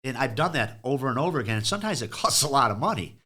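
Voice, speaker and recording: Middle-aged man, truck shop owner, blunt and profane podcast storyteller, mid-pitched voice. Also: very animated, very fast, pushed and bright. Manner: blunt, profane, acts out customer calls.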